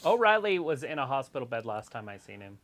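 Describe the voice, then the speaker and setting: A man's voice: medium pitch, very animated, fast talker, fairly bright tone. Male co-host, casual stream banter, offhand and opinionated, teasing tone. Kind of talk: casual watch-along chat.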